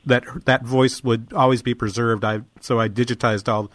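A man's voice: mid-range voice, fairly even intonation, moderate pace, a bit bright, dry recording. Hesitant male radio host, dry sound. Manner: hesitant, many fillers. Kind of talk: radio interview.

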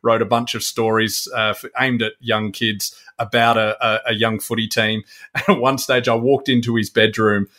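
A man's voice: lowish voice, level tone, moderate pace, pushed and bright. A middle-aged man with an Australian accent, co-hosting a casual podcast, easygoing and rambling, with many fillers. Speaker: co-host. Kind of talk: casual chat.

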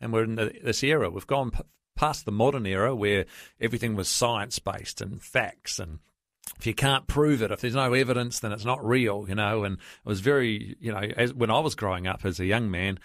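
A man's voice: on the low side, fairly bright tone, no echo, clean studio sound. A man from New Zealand with a New Zealand accent, a guest on a radio interview, talking in a chatty, enthusiastic way with many fillers and restarts. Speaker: guest, evangelism trainer. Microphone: studio microphone.

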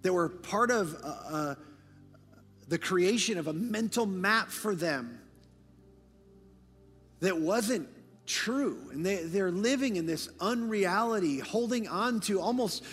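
A male pastor delivering a sermon, moving between hushed, low passages and loud, emphatic preaching. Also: lively intonation, slow, breathy edge, big-room sound, soft background music.

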